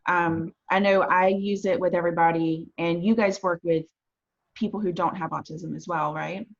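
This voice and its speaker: A woman host asks questions in a relaxed, upbeat way, with plenty of casual fillers. Her voice sits on the lower side, and the audio sounds dull and lo-fi. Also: normal speed, gravelly. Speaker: host, therapist. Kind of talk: casual interview.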